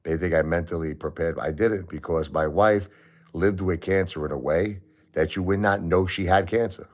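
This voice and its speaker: Very deep-voiced grieving man. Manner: grieving, halting, repeats himself. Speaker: livestream host. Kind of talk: emotional livestream talk.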